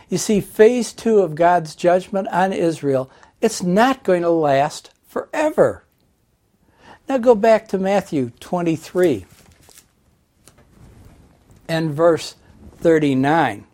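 A male preacher delivers a Bible-teaching sermon at an unhurried, deliberate pace. His voice is warm and mellow, never sharp. He reads scripture aloud and explains it point by point. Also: high-pitched, expressive.

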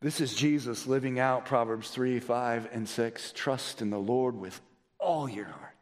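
A man preaching a sermon as pastor, emphatic, swinging between a raised voice and soft pleading. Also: mid-range voice, a little slow, in a large hall.

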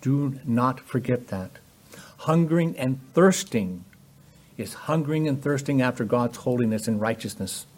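A man's voice: medium pitch, expressive, a little slow, darkish tone. A man preaching a sermon, emphatic and full of rhetorical questions, acting out the voices in the passages he quotes.

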